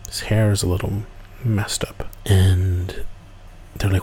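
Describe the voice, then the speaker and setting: A man with a low, gravelly, mellow voice tells a story in a loose, casual way. He rambles, restarts his sentences and fills the gaps with "you know." A faint hiss of ambience sits under the voice. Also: fairly even intonation, a little slow. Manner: rambling, many fillers and restarts. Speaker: podcast host.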